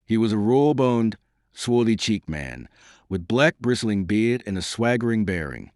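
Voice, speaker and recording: A man reading a historical novel aloud as an audiobook narrator, in steady storytelling. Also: lowish voice, unhurried, no room sound, clean studio sound. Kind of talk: scripted narration.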